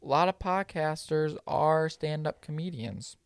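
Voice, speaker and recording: Young man, podcast co-host, casual chat, animated storyteller, slightly high voice, close dry sound. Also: gravelly, smooth, no echo. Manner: animated storyteller, jumps into quick quoted voices.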